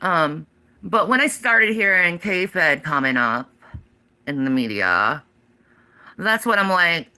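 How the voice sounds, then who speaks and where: A woman's voice: low voice, lively intonation, slow, bright, forceful tone, smooth. A woman in her forties, ranting on a livestream, swearing heavily in a defiant, emphatic way. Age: 40s. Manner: heavy profanity, defiant and emphatic.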